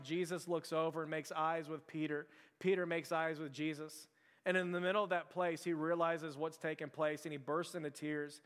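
Guy pastor rattling off a chatty sermon, kinda high voice, big echoey church hall. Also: a bit bright. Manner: chatty, heavy use of "like" and restarts. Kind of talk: casual conversational sermon. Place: church sanctuary.

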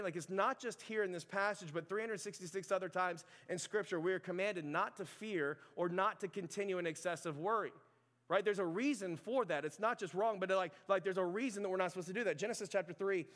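A man's voice: high voice, fast talker, a bit bright, in a large hall. A man preaching a sermon to his church in an easy, conversational way, full of "like" and "right". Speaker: pastor.

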